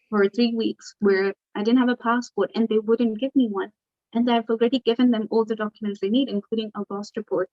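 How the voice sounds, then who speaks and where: A young adult woman telling her story as an interview guest, animated and acting out the dialogue. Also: medium pitch, no echo. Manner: animated, acts out quoted dialogue. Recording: dull lo-fi dry recording.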